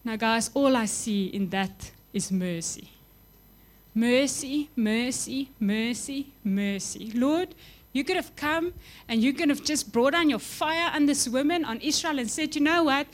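A woman's voice: high-pitched, animated, a little slow. Impassioned woman preaching a sermon. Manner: impassioned, rising to emphatic peaks then dropping soft.

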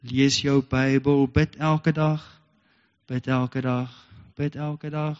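A man's voice: mid-range voice, little pitch movement, slow, darkish tone, smooth. Man, South African accent, pastor, sermon, earnest, repetitive, reverberant hall, muffled lo-fi sound. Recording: dull lo-fi recording with long reverb.

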